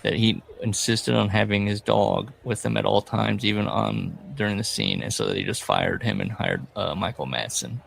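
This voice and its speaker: A man's voice: lowish voice, lively intonation, moderate pace, vocal fry, hardly any pauses. A man co-hosting a podcast, telling stories in a rambling, casual way and laughing often. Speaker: podcast co-host. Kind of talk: casual comedic chat.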